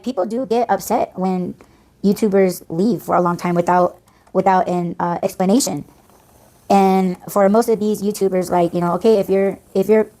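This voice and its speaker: A woman's voice: fairly low pitch, mellow. A woman hosting a casual podcast, ranting in a blunt, profane, exasperated way. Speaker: podcast host.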